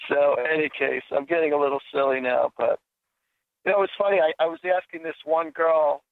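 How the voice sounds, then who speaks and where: A man's voice: fairly high pitch, fairly even intonation, a little fast, gravelly, no echo. A man hosting a psychic call-in radio show, chatting casually and telling jokes in a rambling way. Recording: dry phone-like sound.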